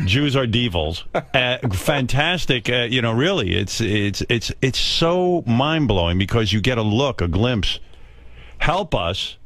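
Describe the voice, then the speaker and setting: A man's voice: medium pitch, expressive, a little slow, hardly any pauses, fairly bright tone, dry recording. A man hosting a radio show, joking and swearing in casual banter. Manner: profane, joking. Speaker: radio host.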